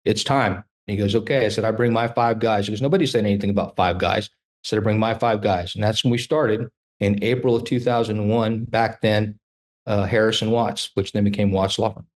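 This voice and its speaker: A man in his fifties, a trial lawyer telling animated stories in a casual interview and acting out the dialogue. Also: on the low side, fairly quick.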